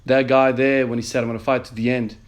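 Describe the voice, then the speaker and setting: A man's voice: mid-range voice, flat delivery, quick pace. A man in his thirties, an emergency nurse, earnestly telling a story in a motivational vlog with many fillers. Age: 30s.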